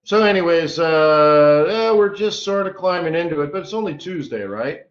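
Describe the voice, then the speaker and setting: A man's voice: fairly high pitch, expressive, normal speed. Guy running a live trading lesson, chatty and jokey, kinda echoey and dull audio. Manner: casual, joking, keeps asking "right?". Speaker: trading coach. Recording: roomy, dull lo-fi stream audio.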